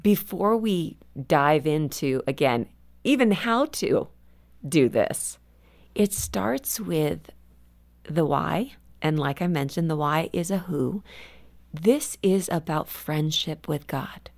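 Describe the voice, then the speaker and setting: An earnest woman speaks as an interview guest, telling stories and stretching out words when she wants to stress them. Her voice sits somewhat low for a woman. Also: expressive. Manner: earnest, storytelling, slows down for emphasis. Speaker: guest author. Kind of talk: conversational radio interview.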